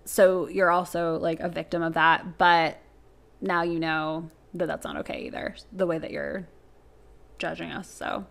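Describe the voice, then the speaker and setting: A young woman co-hosting a chatty podcast, her fairly low voice carrying a gravelly fry. She talks loosely and easily, laughing often. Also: flat delivery, unhurried. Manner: easygoing, laughing, loose fillers. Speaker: podcast co-host. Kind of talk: casual chat.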